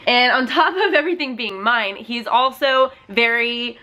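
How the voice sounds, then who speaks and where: A young woman, a mother, chatting casually to the camera at home in a chatty way, full of "like" fillers and quick laughs. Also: on the high side, sharp tone. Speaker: family vlogger and mother. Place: at home with a toddler nearby.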